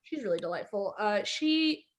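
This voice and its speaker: A woman's voice: medium pitch, sing-song, moderate pace, noisy background. A woman born in Egypt, hosting an online comedy show over a video call, telling rambling stories with many fillers and restarts. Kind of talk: stand-up storytelling between acts.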